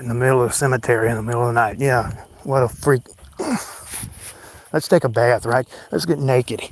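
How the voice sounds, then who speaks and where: A man from Oklahoma rambling and swearing to his viewers as he walks through a cemetery at night, talking into a handheld phone. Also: mid-range voice. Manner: profane, rambling, self-deprecating, talks to viewers. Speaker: livestream vlogger. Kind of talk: rambling late-night livestream walk.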